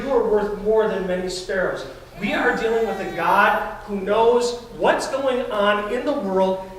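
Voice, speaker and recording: A man with a high voice preaches an emphatic sermon, calling out to his listeners. He is captured from some distance, and his words ring through a very reverberant church with faint ambience beneath. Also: fairly bright tone, slight background noise. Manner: emphatic, preacherly with direct address to the congregation. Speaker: pastor. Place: church sanctuary. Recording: very echoey church sound from a distance.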